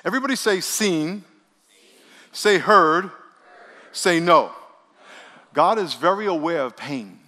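A male pastor preaching a sermon, leading the congregation in call-and-response and swinging between loud bursts and quiet asides. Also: high-pitched, lively intonation, slow pace, long pauses, long reverb tail. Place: church sanctuary.

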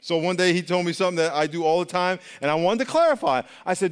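Pastor, male, lively sermon delivery, pitched a touch high, long hall reverb. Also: quick pace, smooth. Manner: animated, swings from loud exclaims to soft asides, acts out quotes.

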